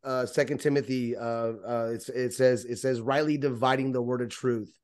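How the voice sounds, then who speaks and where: A man in a casual faith discussion, talking haltingly with many restarts and repeated words. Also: mid-range voice, steady tone, darkish tone. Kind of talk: casual chat.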